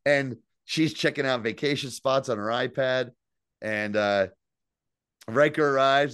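A man co-hosting a podcast, recapping an episode in casual, profane, animated chat. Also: medium pitch, a little slow, clear, resonant tone, no echo, clean studio sound. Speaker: podcast co-host.

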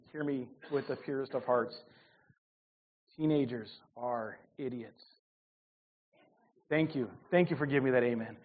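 A man in his forties preaching a sermon with humor, his voice swinging between loud and soft. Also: mid-range voice. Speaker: pastor. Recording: tinny phone-like sound.

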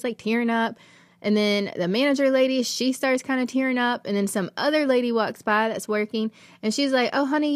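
A woman's voice: a little high, no room sound. A woman, hosting a podcast and telling a personal faith testimony in an earnest, emotional, rambling way. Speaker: podcast host.

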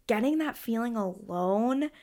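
Young woman, twenties, podcast host, high-ish voice, giggly, rambling, casual chat. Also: animated, a little slow, dark tone. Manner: bubbly, giggly, rambling with many fillers. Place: bedroom.

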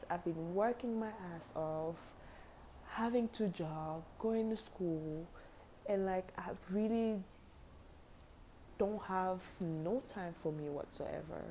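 A woman in her twenties casually telling a personal story, animated and slangy, acting out the dialogue. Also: mid-range voice, slight background noise.

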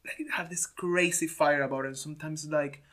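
A man's voice: fairly high pitch, steady tone, moderate pace, a bit bright. Reflective man from Venezuela. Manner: reflective, searching for words with many fillers. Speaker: conversation partner. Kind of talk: casual chat.

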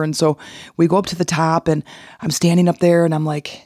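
A podcast host telling a personal story in an animated way, acting out the voices of people in it. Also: mid-range voice, a little fast, dry recording, studio quality. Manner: animated, acts out quoted voices.

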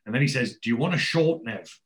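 The audio is low quality as a man with a mid-range voice and a fairly quick pace walks through a TV episode. Chatting casually, he swears a lot and animatedly voices the characters' lines himself.

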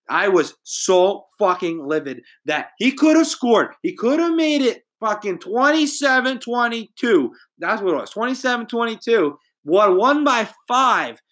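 A young man co-hosting a sports betting podcast, ranting angrily and profanely in a fast run-on way. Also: high-pitched, a bit bright. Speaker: podcast co-host. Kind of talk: casual sports betting rant.

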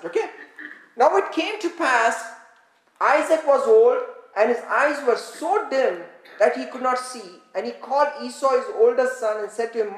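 A woman preaching a sermon, reading scripture aloud and having the congregation repeat words back to her. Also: on the high side. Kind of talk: interactive sermon, teaching with call-and-response. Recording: echoey room.

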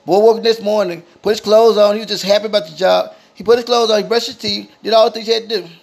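A man improvising a simple spoken story in a halting, repetitive way, often restarting his sentences. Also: sits high, steady tone, creaky.

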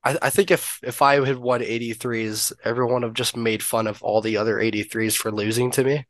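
A man's voice: medium pitch, fairly even intonation, fairly quick, a bit bright, no room sound. A man speaking as a podcast guest in casual chat, with dry, self-deprecating humor.

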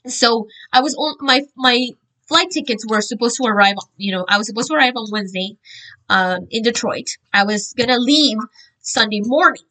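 A woman earnestly sharing a religious testimony, telling her story in an animated, informal way with frequent fillers and restarts. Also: on the high side, normal speed, low-quality recording.

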